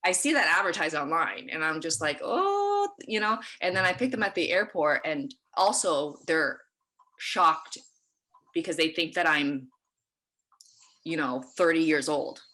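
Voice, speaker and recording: A woman speaking in an animated, storytelling way in an interview. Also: deep voice, a little slow. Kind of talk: casual interview talk.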